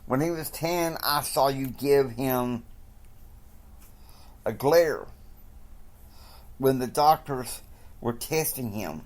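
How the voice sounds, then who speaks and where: A man's voice: medium pitch, takes it slowly, long pauses, pitched above the performer's own voice, lightly acted. A man quoting a protective, reproachful mother. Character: worried mother, firm and protective.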